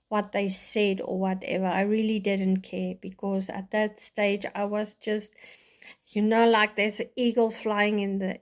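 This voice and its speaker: Slow-spoken South African woman, raw and halting. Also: mid-range voice, darkish tone. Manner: halting, raw and emotional, with restarts. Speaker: vlogger telling her life story. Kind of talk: personal testimony.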